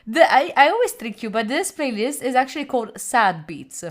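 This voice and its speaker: A study streamer from Italy speaks briskly in a slightly high, sing-song voice. Italian is her native language, and she rambles playfully through a casual live-stream chat, often laughing at her own expense.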